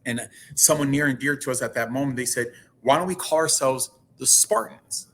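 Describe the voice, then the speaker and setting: Bright-voiced earnest male guest. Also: medium pitch, normal speed, a little hiss or hum. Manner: earnest, many restarts and repeated words. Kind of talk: casual interview talk.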